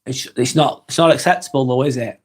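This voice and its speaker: A man's voice: mid-range voice, fast, slightly rough. An English man hosting a live stream, reading viewers' comments aloud and answering them bluntly, with frequent ums and repeated words. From England. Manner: blunt, dismissive of trolls, repeats himself with ums.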